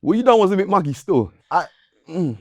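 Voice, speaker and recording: Animated man playing a mock judge. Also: high-pitched, fairly quick, dry recording. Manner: teasing, dramatic shouts of order. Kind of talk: playful mock-courtroom chat.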